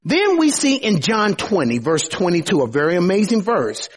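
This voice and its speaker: A man's voice: sits high, wildly swooping pitch, normal speed, husky. A man preaching a sermon emphatically and dramatically, full of rhetorical questions.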